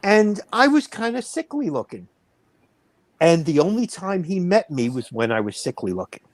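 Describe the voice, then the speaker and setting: A man's voice: high voice, big pitch swings, normal speed, no echo. A man in his fifties, a wrestling promoter, telling a heated story in a blunt, boastful way. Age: 50s. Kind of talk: casual storytelling.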